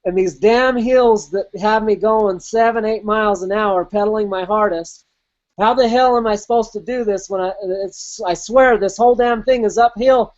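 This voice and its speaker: At a normal speed, a man whose voice sits high shares a personal race story, with dull audio throughout. The podcast host tells it casually and vividly, swearing and quoting the voice in his head.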